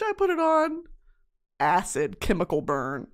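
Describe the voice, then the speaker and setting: A woman's voice: medium pitch, wildly swooping pitch, moderate pace. A young woman vlogging in a casual confessional rant, profane and dramatic, breaking into shrieks and comic voices.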